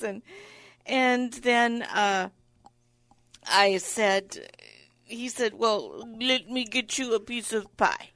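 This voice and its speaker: Slow-talking woman guest, acts out every line of her funny story, dry sound. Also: a little high, no room sound. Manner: animated storyteller acting out the people in her stories. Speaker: guest speaker. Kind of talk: casual storytelling in an interview.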